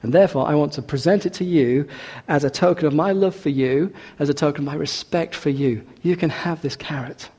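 Man doing a humble gardener, reverent and earnest, storybook style within a sermon, mellow, echoing hall. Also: a little high, a little fast, breathy edge. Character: humble devoted male gardener offering a gift.

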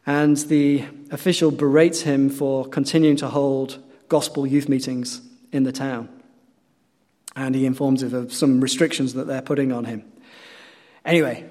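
A male pastor preaching a sermon, telling stories earnestly and swinging between loud emphatic peaks and quiet low passages. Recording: long hall reverb.

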